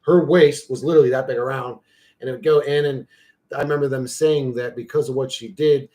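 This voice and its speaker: A man at a middle pitch rambles through casual talk with plenty of swearing. He muses aloud to himself as he clicks through things on screen, loose and unscripted. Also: fairly even intonation, fairly quick, dark tone. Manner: loose, profane, talks to himself while clicking through an image generator. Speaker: channel host.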